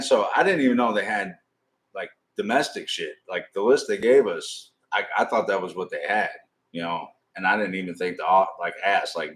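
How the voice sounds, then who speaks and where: A man tells a loose, profanity-laced story on his live stream, rambling from one bit to the next. His speaking voice sits somewhat low, and he jumps up high when he acts out the people in the story. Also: fairly bright tone.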